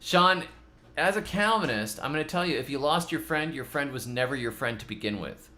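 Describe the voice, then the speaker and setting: A middle-aged man hosting a gardening channel rambles loosely and mockingly about himself, often repeating his words. His fairly high voice is animated, brisk, pushed and bright.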